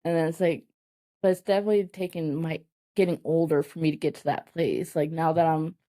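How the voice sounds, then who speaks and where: A woman in her thirties with a lowish, mellow voice. She talks candidly as a podcast guest, halting often and restarting her sentences, with plenty of filler words. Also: steady tone. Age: 30s. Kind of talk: candid conversational interview.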